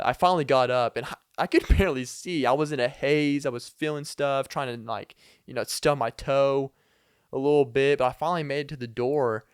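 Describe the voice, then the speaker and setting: A man's voice: mid-range voice, clean tone, dry recording. A young man hosting a podcast, telling loose, rambling comic stories full of fillers and chuckling asides into a close mic. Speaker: podcast host. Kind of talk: rambling comedic storytelling.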